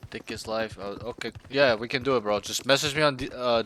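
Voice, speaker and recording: A man's voice: medium pitch, brisk, fairly bright tone, slight background noise. A man coaching a teammate over voice chat, laid-back and casual, often calling him bro.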